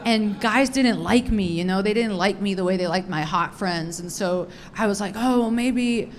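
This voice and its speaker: A woman's voice: medium pitch, moderate pace. Crude, rambling woman comic. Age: young adult. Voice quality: raspy. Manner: crude, unfiltered, rambling delivery with frequent "dude" and "like". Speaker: stand-up comedian. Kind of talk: stand-up comedy set.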